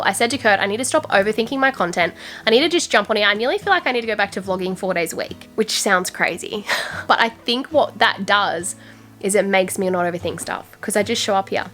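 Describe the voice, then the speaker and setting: A woman's voice: medium pitch, fairly bright tone. A young Australian woman vlogger having a candid, earnest chat to camera, confiding and full of "I feel like".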